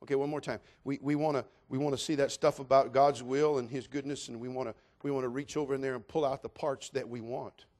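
A man preaching a sermon as pastor, folksy and full of jokes, swinging between loud declarations and hushed asides. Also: mid-range voice, fairly even intonation, quick pace, hardly any pauses.

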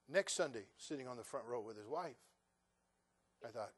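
A man preaching a sermon as pastor, telling a story with soft asides and then loud, emphatic stretches. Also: medium pitch, expressive, quick pace, husky.

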